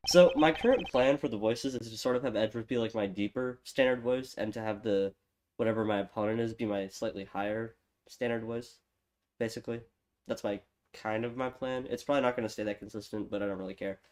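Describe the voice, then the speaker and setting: A man's voice: mid-range voice, fairly even intonation, quick pace, noisy background. A man streaming a game, chatting casually and muttering asides between reading lines. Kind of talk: casual game playthrough with voice acting. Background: game music.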